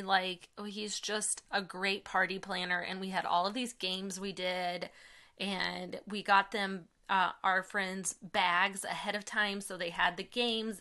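A woman's voice: mid-range voice, bright, forceful tone. A woman in her thirties chatting casually as a podcast co-host, enthusiastic and full of fillers. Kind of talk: casual chat.

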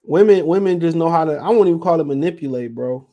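A man's voice: on the high side, fast talker, highs cut off. A man hosting a casual solo podcast, talking in a slangy, profane, rambling way and reading out listener comments. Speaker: podcast host.

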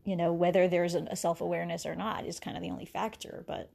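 A woman's voice: lowish voice, level tone, quick pace, creaky, mellow. A woman hosting a podcast, musing aloud about spirituality in a rambling, casual way, often laughing between thoughts and restarting her sentences. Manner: rambling, wandering with many restarts and fillers. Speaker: podcast host.

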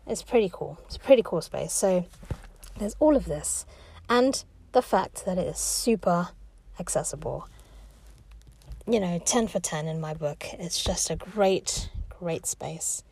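A woman chats casually about her week in a mellow, warm voice. She laughs often and mimics the people she met. Her pitch sits in a middle range. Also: dry recording. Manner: chatty, laughs often, acts out other people's lines. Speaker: vlogger. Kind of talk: casual reflective storytelling.

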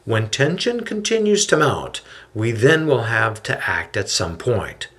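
A man voicing cautious male city officials who speak in a guarded, measured way. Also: mid-range voice, big pitch swings, fairly bright tone.

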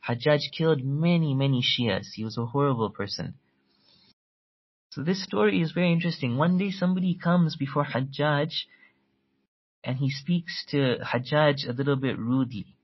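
Guy giving a religious lecture, tells it like a story, kinda high voice, muffled lo-fi audio. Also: slightly rough. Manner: earnest, tells stories, quotes Arabic quickly.

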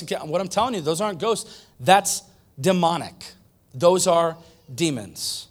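A man's voice: on the high side, normal speed, breathy edge. A male pastor preaching a conversational sermon, repeating points for emphasis. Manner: conversational, emphatic repetition, animated.

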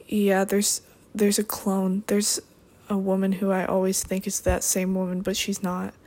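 A young woman rambles through casual podcast chat, drifting from one tangent to the next. Her delivery is playful and full of dry, sarcastic asides. Her pitch sits in an ordinary middle range for a woman. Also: monotone, measured pace, a little mellow.

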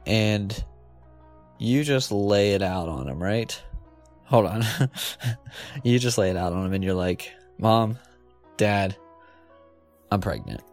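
A man's voice: on the low side, animated, unhurried, pauses often, darkish tone, faint music behind. A man hosting a comedy show, rambling playfully, giggling and correcting himself as he goes. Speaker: comedy podcast host.

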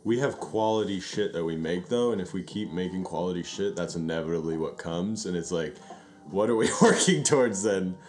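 Deep-voiced man, rambling podcast chat. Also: fairly quick. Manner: rambling, profane, animated retelling. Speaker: podcast co-host. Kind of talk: casual chat.

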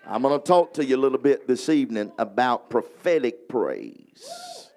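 A man's voice: medium pitch, huge pitch swings, a little mellow. A man with a Louisiana accent, an evangelist preaching a revival sermon to a congregation and drawing call-and-response from them. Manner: reads scripture slowly, prays with rising intensity. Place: revival hall before a congregation.

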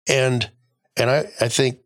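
A man's voice: medium pitch, steady tone, unhurried, fairly bright tone, no echo, clean studio sound. A middle-aged man in a casual podcast discussion, rambling through stories with frequent restarts.

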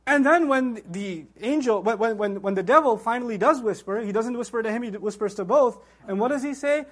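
A man lectures on scripture in a high, somewhat husky voice. He tells the story with animation, posing rhetorical questions to his listeners and slipping into the voices he quotes. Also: brisk, fairly bright tone. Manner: acts out quoted voices with big pitch jumps. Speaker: Islamic lecturer. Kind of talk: Quran lecture.

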